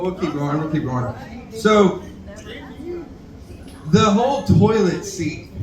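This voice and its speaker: At an open mic on a bar stage, a young comedian runs through a rambling, self-deprecating, profane set and talks back to the crowd. His voice is a little high, and he's recorded from afar in the roomy, echoey bar.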